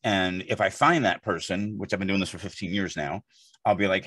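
Man, podcast co-host, husky voice, dry close sound, emphatic and rambling. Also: sits low, fairly quick, a bit bright, no echo. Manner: rambling, emphatic, with frequent asides. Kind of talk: casual chat.

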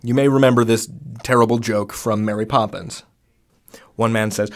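A man teaching grammar in a relaxed, conversational lesson, enthusiastic and full of fillers and restarts, recorded as a close voice-over. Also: lowish voice, normal speed, pauses often.

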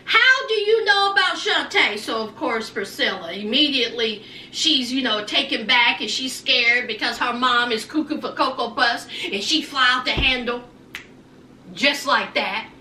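Black lady gossiping thru a tv recap, bright high voice, kinda far from the mic in a roomy space. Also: moderate pace, a little hiss or hum. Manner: animated, acts out people's lines in voices; folksy slang, "honey", "child". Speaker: recap vlogger. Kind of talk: casual reality-show recap.

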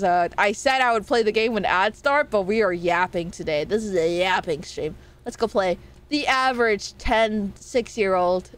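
A woman streamer chatting with her viewers in a playful, teasing way, often breaking into laughs. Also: on the high side. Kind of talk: casual live-stream chat.

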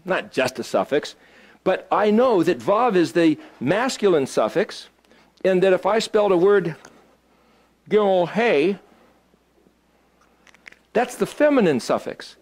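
Man, slightly higher voice, casual teacher thinking aloud and quizzing the group. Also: big pitch swings, slow, pauses often, darkish tone. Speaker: Hebrew study teacher. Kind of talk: informal teaching to a small group.

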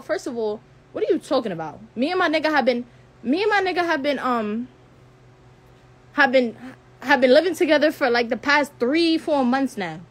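An 18-year-old woman ranting angrily on a live stream. She swears constantly, repeats herself, and stumbles over her words when upset. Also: high-pitched. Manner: heated, profane, repeats phrases, stutters when upset. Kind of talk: angry rant on a live stream.

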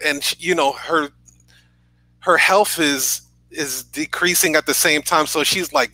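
A man's voice: on the high side, measured pace, pushed and bright, rough recording. A man from New York, a podcast guest on a video call, earnestly telling a personal story and often checking in with "right?".

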